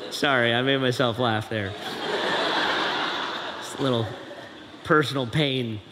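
A man giving a sermon in a large hall, playful and animated, acting out family scenes for the congregation. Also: medium pitch, takes it slowly, heavy background noise. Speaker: preacher. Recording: echoey hall.

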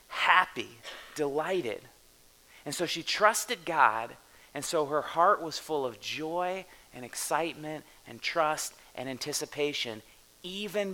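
A man in his thirties preaching a sermon in a casual, animated way, asking the listeners questions as he goes. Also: on the high side, rough recording. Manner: conversational, animated, talks straight to the listeners with questions. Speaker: pastor.

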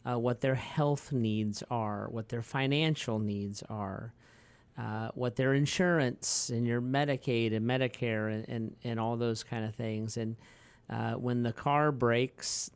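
Smooth-voiced man telling family stories. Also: medium pitch, fairly even intonation, measured pace, no room sound. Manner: rambling storyteller with many fillers and restarts, laughs easily. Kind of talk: casual podcast conversation.

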